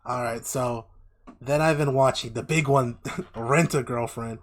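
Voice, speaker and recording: A man co-hosting a casual podcast, recapping an anime with animated storytelling and acted-out lines. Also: medium pitch, unhurried. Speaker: podcast co-host.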